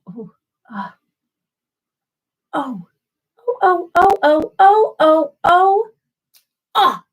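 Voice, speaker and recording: A woman chatting on her livestream in a slightly high voice, slow and unhurried. She rambles, giggles and keeps apologizing, a little tipsy from her drinks. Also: poor audio. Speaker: livestream host. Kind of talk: casual livestream chat.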